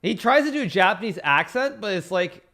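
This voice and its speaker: Bright-voiced man rambling through chess commentary. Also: high-pitched, lively intonation, fairly quick. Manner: chatty, rambling, repeats phrases; thanks viewers for subscriptions between moves. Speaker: chess streamer analyzing games. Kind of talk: casual live-stream commentary.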